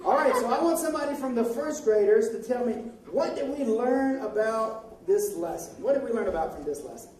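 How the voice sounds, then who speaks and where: Woman children's ministry teacher, high pitch, animated and coaxing, distant in a reverberant hall with kids around. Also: a little fast, hardly any pauses. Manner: animated, coaxing, prompts lines for children to repeat. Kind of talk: directing a children's Bible skit. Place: large echoey church hall with children. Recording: echoey hall, distant mic, children chattering.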